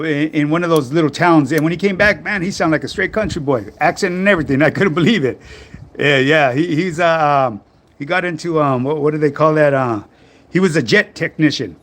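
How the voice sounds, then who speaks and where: Socal guy on a livestream, kinda high voice, loose and cussing, reading comments. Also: fairly bright tone. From Southern California. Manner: slangy, profane, laid-back. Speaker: fitness livestream host. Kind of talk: casual livestream chat answering comments.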